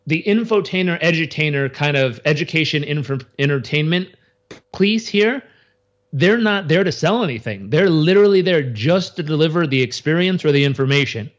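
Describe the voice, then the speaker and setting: A man giving an interview in a casual, animated way, acting out crowd reactions and often restarting his sentences. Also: fairly high pitch, moderate pace, highs cut off. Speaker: interview guest.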